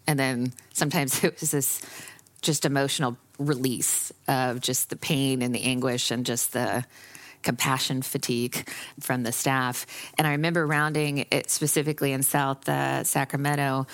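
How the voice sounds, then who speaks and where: A woman with a low-pitched voice, recorded dry and close for a podcast. She tells a personal story in a conversational way, full of fillers and restarts. She sounds emotional as she speaks. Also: little pitch movement, moderate pace, no room sound. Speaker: podcast host being interviewed.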